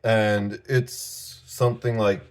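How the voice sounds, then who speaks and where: A sleep-deprived man in a casual vlog, talking in a halting, rambling way and short of breath. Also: fairly low pitch, level tone. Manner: rambling, halting, with fillers and laughs. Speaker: vlogger.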